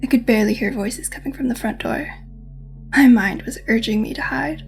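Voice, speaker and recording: A woman's voice: on the high side, moderate pace, vocal fry. A woman gaming host reading a visual novel aloud, mixing dramatic reading with casual asides. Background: faint game music.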